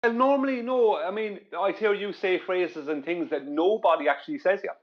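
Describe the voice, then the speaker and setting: A man with an Irish accent lays out his argument at length, pressing each point home. His voice sits a little high and comes through muffled, lo-fi call audio. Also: moderate pace. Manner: argumentative, long explanations. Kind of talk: casual debate chat on an online call.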